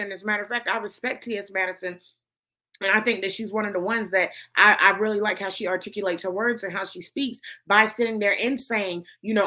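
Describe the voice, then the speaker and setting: A woman's voice: a little high, pushed and bright. A woman host giving blunt, profane commentary to camera, swearing heavily and repeating her points for emphasis. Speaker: host of a gossip commentary show.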